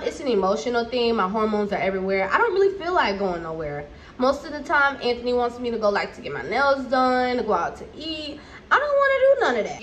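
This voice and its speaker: A pregnant young woman, chatting candidly to camera at home in a vlog with animated asides. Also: medium pitch, a little hiss or hum. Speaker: vlogger. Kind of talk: casual chat to camera.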